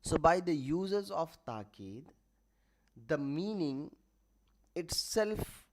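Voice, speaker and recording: A man teaching a grammar lesson online, explaining terms step by step and often pausing to correct himself. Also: on the high side, very animated. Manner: halting, with restarts and self-corrections; writes examples while explaining.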